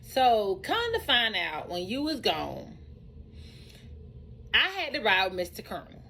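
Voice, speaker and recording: A woman who runs a truck driving school tells her own story in a casual, animated way, repeating phrases for emphasis. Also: mid-range voice, measured pace, creaky, slight background noise, rough recording.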